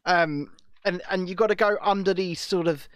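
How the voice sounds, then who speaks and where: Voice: medium pitch, moderate pace, a bit bright, no echo. A co-host talking in a casual chat, repeating and restarting phrases, with dry asides. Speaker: podcast co-host.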